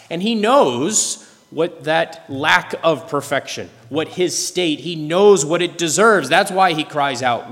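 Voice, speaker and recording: A man preaching a sermon, expressive, dramatizing the scripture he quotes. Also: on the high side. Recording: long hall reverb.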